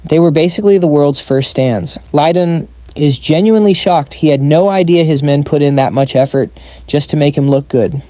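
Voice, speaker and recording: A man narrating a comic story recap in a brisk, wry storytelling manner with playful asides. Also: fairly high pitch, dark tone, no room sound.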